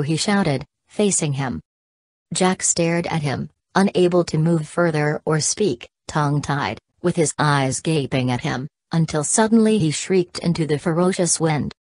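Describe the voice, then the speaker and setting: A woman's voice: deep voice, a little slow, a little mellow, no room sound, clean studio sound. A woman narrating an audiobook, reading every punctuation mark aloud. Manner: reads punctuation marks aloud.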